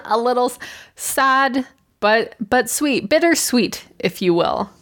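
A woman's voice: a little high, animated, slow, a bit bright. A Canadian woman co-hosting a podcast, recapping a show with wry, playful remarks. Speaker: podcast co-host. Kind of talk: casual chat recap. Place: room at home.

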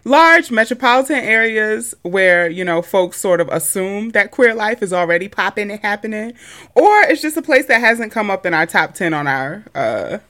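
A woman's voice: medium pitch, animated, normal speed, fairly bright tone. A woman co-hosting a podcast in casual, playful chat, laughing often. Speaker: podcast co-host.

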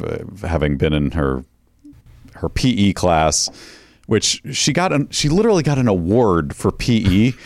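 A middle-aged man with a lowish voice recounting a story at an easy pace, chuckling and playing things down. His close mic sounds dry, with no room around him. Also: no room sound. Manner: laid-back, chuckling, self-deprecating. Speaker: podcast co-host and announcer. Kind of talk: casual podcast storytelling.

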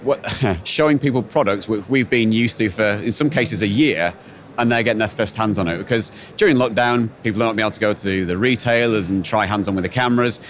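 Casting: man, low voice, rapid eager delivery, hall noise behind. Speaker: brand representative. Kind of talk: casual interview. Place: exhibition hall.

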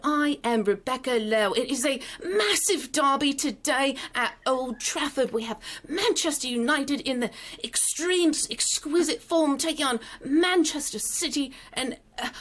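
A woman putting on a halting English accent to play a formal female football TV presenter. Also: high voice, a bit bright, voice pushed up. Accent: put-on English accent. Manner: halting, improvised broadcaster patter.

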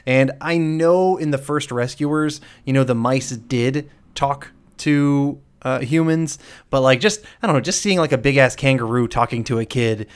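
A man hosting a podcast and breaking down a movie in casual chat, blunt and quick to swear. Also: medium pitch, clean tone. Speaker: podcast host.

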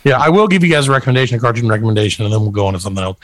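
A man's voice: medium pitch, very fast, no room sound. Southern guy cracking jokes with his buddies, voice swings all over, dry mic. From American South. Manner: joking, animated, puts on voices for quoted people. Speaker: podcast co-host. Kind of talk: casual chat.

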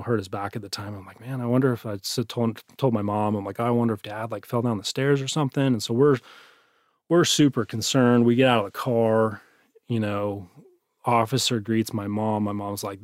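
A man telling a personal story in an interview, halting, with many restarts, his voice trailing off quietly at the ends of phrases. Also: fairly low pitch, dry recording, clean studio sound. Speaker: interview guest.

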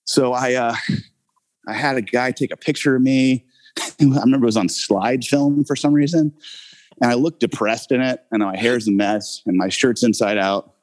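A man telling a story about his early acting career in a relaxed interview, rambling with many fillers and frequent laughs. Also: mid-range voice, moderate pace. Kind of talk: casual anecdote in an interview.

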